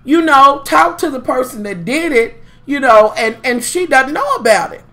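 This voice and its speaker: Brief: female vlogger, sharp bright tone, foul-mouthed gossip rant with mocking drama. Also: high voice, big pitch swings, normal speed, hardly any pauses. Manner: profane, sassy, heavy swearing. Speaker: vlogger recapping a reality show.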